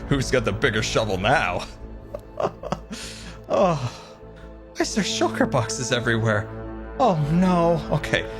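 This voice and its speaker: A man giving commentary on his own Minecraft gameplay, swinging between frantic high-pitched panic and relaxed explanation. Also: moderate pace, music in the background. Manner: panicky, squealing, laughing while playing. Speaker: Minecraft YouTuber.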